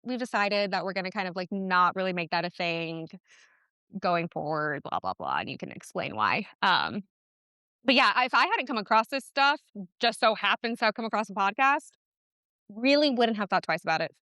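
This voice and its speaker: A woman guest on a parenting podcast, talking in a passionate, animated way with quick asides. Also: medium pitch, dry recording, studio quality. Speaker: podcast guest, twin mom. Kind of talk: casual interview chat.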